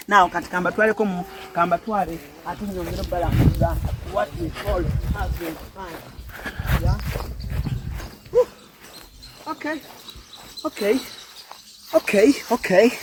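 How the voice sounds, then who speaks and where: A man's voice: sits high, noisy background. A man from Uganda with a Ugandan accent hosting a travel vlog, exclamatory and repeating his phrases over and over. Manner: exclamatory, repeats phrases, mixes English and Luganda. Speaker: vlog host.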